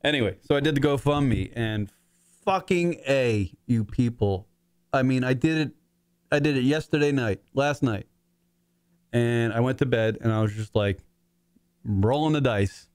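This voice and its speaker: A man's voice: medium pitch, unhurried, a little mellow, clean tone, dry recording, studio quality. A man in his forties hosting his own talk show from his apartment, rambling and swearing as he fights back tears. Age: 40s. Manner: rambling, profane, choked up near tears. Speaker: podcast host. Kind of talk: emotional casual monologue.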